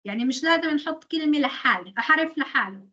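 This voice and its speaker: High-voiced woman lecturer, muffled recording. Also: animated, rapid-fire, bright, forceful tone. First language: Arabic. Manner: switches between English and Arabic, explains rules step by step. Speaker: English translation lecturer. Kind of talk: university lecture.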